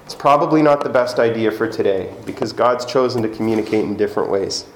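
A man's voice: fairly low pitch, quick pace, slight background noise. A man giving a conversational sermon as pastor, now and then acting out quoted voices. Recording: echoey room with faint ambience.

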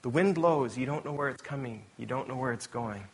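A pastor giving a sermon in a relaxed, conversational way, often restarting his sentences and correcting himself as he tells stories. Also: mid-range voice, a little fast, gravelly, husky.

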